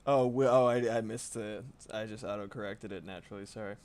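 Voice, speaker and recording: A man's voice: on the low side, fairly even intonation, brisk, a little mellow, smooth. Rambling, laid-back male streamer. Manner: rambling, swears casually, laughs often. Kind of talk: casual livestream chat while drawing.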